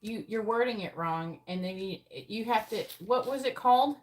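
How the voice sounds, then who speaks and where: A woman's voice: mid-range voice, moderate pace, a little mellow, low-quality recording. A woman doing a live-stream tarot reading, talking bluntly and swearing often as she explains how to word questions. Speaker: psychic tarot reader.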